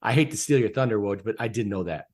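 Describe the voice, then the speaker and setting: A man's voice: fairly low pitch, expressive, fast. A man co-hosting a sports podcast, chatty and teasing, often laughing as he talks. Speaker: podcast co-host. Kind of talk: casual sports betting chat.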